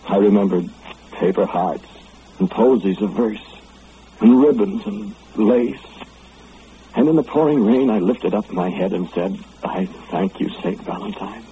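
An actor playing a remorseful young lawmaker who narrates his lovesick memories in a measured, solemn old radio drama. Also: on the low side, warm tone. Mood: wistful. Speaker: narrator and lead character. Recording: phone-like old radio recording, faint hiss.

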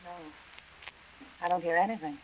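An actress playing a frightened young woman camping by a desert well, speaking in hushed, uneasy tones in an old radio drama. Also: lowish voice, moderate pace, dull audio, slight background noise, natural voice. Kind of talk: 1940s radio acting.

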